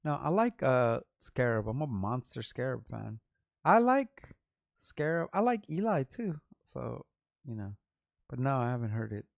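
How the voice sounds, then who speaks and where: A middle-aged man with a gravelly, creaky edge to his voice tells a meandering story in loose vlog style. He curses freely, circles back, and repeats lines as he retells the story. The sound is close and dry, with no room around it. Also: mid-range voice, measured pace, no room sound. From Los Angeles. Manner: rambling, profane, animated retelling with repeats. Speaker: vlog host, underground rapper. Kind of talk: casual storytelling.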